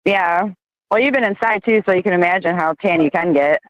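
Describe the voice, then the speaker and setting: A woman's voice: on the low side, a little fast, dry recording. A woman giggling through a casual phone chat, poking fun at herself. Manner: giggly, self-deprecating. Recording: lo-fi phone recording.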